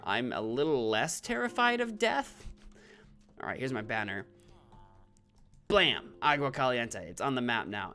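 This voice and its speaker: A man talks through his gameplay on a live stream, thinking aloud and answering viewers in chat. His voice sits in an ordinary middle pitch, and he is quick to make fun of himself. Soft game music plays faintly behind him. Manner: chatty, self-deprecating, reads chat aloud.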